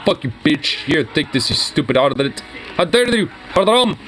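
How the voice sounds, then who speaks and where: A man's voice: a little high, very animated, moderate pace, a bit bright. A man putting on the voice of an outraged male official, mocking him with exaggerated indignation. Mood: indignant. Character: shrill outraged male official, scolding and prudish.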